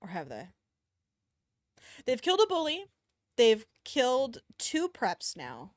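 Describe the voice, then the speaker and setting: A young woman streamer reading fanfiction aloud, reacting with animated outbursts, swearing and laughter. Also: fairly high pitch, slow pace, no echo, clean studio sound.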